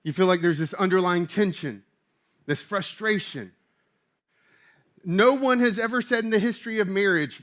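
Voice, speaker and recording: High-voiced emphatic male pastor preaching. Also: normal speed, pauses often. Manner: animated, emphatic, conversational. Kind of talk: sermon.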